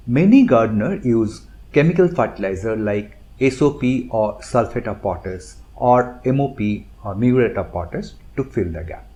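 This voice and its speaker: Lively methodical man with Indian English accent. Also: medium pitch. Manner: methodical, explanatory, lists points one by one. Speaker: gardening channel host. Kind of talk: instructional narration.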